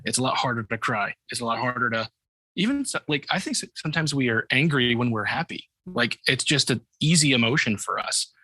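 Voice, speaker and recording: A man's voice: mid-range voice, animated, fairly quick, sharp tone, breathy edge, no room sound. A man hosting a podcast, agreeing and chatting casually with his guest. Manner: agreeable, conversational, affirming. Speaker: podcast host.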